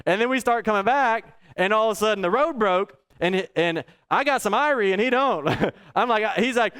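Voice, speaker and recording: A man's voice: high voice, moderate pace, clear, resonant tone. A man preaching a sermon, telling personal stories and chuckling often. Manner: chuckles often, lively storyteller. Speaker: pastor.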